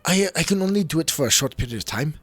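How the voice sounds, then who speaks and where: A man voicing a weary male sorcerer who speaks quietly and matter-of-factly. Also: fairly high pitch, lively intonation, fast, breathy edge, no echo, faint music behind. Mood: subdued.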